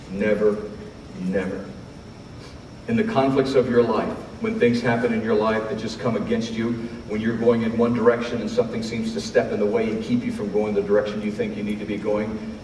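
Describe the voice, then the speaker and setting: A male preacher delivering a sermon, moving between hushed asides and loud, rising passages. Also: on the low side, slight background noise. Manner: swings from hushed to loud shouting when retelling scripture. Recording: roomy hall from a distance, faint ambience.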